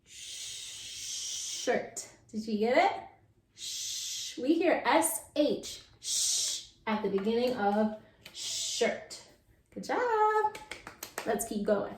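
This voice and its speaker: A woman teaching a children's phonics lesson in a playful, sing-song way, slowly sounding out letters. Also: on the high side, expressive, a little mellow. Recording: echoey room.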